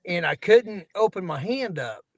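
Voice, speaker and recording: A man's voice: sits high, very animated, unhurried, dry recording, poor audio. A man telling rambling work stories in casual chat, laughing at himself.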